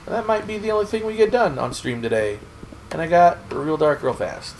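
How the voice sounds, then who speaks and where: A man's voice: on the high side, expressive, a little fast, a little mellow, a little hiss or hum. A man from Oklahoma chatting casually and rambling in a goofy way while he plays a game on stream. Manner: rambling, goofy, self-talk while playing. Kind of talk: casual gameplay chat.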